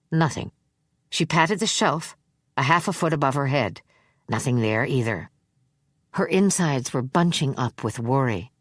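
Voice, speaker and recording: A woman narrating an audiobook in a measured, expressive reading. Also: a bass voice, no echo, clean studio sound. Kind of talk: scripted narration.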